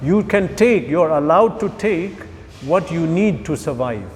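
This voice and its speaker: Animated man lecturing in a hall. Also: on the high side, measured pace, faint music behind. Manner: animated, rhetorical questions, jokes with listeners. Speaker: spiritual teacher. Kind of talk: scripture class lecture.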